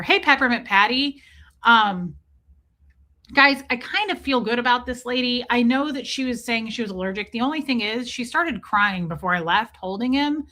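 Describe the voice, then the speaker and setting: A woman's voice: mid-range voice, bright, forceful tone. A woman chatting casually on a live stream, talking with viewers about her pets, swearing freely and sometimes putting on silly voices for her cats.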